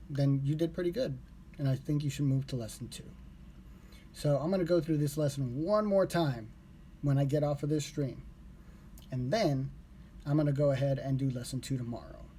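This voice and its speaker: Man, casual live streamer, loose rambling delivery with self-corrections; mellow tone, faint background noise. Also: a little high. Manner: relaxed, rambling, corrects himself aloud. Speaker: live streamer learning Japanese.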